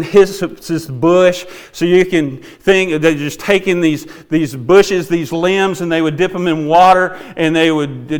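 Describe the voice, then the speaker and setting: A male preacher delivers a heartfelt sermon. His voice sits high and comes through smooth and resonant, rising to emphatic passages and dropping to hushed ones. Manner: earnest, swings between emphatic and hushed; sings a few hymn lines.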